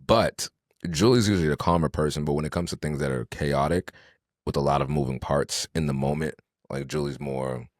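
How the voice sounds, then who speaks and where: A man co-hosting a podcast, telling stories in a slangy, animated, casual way. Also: extremely low pitch, brisk, vocal fry, no room sound, clean studio sound. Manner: slangy, animated storyteller with restarts. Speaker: podcast co-host. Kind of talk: casual storytelling chat.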